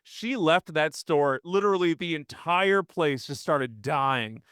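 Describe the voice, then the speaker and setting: A man co-hosting a podcast in casual chat, animated and quick to mimic other people's voices. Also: fairly high pitch, smooth, no echo, clean studio sound. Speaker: podcast co-host.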